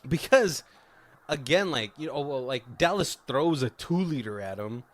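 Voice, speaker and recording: A man's voice: medium pitch, animated, measured pace. A man co-hosting a casual movie review podcast, swearing freely and laughing as he retells scenes. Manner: profane, laughing, retells scenes doing quoted lines. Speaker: podcast co-host.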